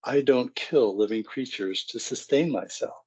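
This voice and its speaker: A man's voice: medium pitch, unhurried, a little mellow, husky, muffled recording. A man voicing a sulky, dramatic teenage girl who whines and accuses. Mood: whiny. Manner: whiny, accusing.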